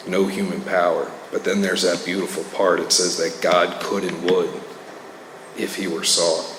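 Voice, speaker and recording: A man speaking at a recovery meeting, sharing a candid, earnest personal testimony full of casual fillers. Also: deep voice. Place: meeting hall. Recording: echoey hall with faint noise.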